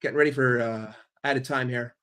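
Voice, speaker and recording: A man streaming a football watchalong, calling the play for his chat in a blunt, profane, excitable way. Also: medium pitch, moderate pace. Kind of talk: live play-by-play commentary for a chat.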